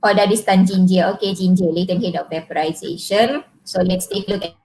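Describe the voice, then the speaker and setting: A woman's voice: lowish voice, fairly even intonation, brisk, a little mellow, poor audio. A middle-aged woman with a Malaysian accent teaching an online physics class, patiently repeating points and quizzing her students.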